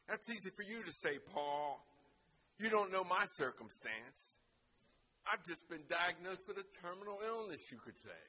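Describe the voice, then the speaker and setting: A man preaching a sermon as pastor, with a preaching manner that builds to loud, fervent climaxes. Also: fairly high pitch.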